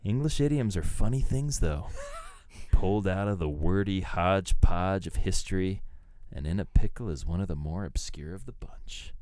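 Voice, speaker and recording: A man's voice: low-pitched, animated, normal speed, dark tone, no room sound. A man co-hosting a podcast in a playful, jokey way, reading out research notes between asides. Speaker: podcast co-host. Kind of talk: casual chat.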